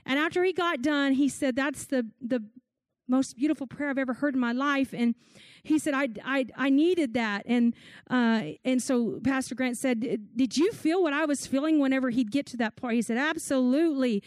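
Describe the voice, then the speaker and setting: A woman's voice: high voice, moderate pace, no echo. A middle-aged woman, preaching a sermon in an earnest storytelling way. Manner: earnest storytelling with church-talk and restarts.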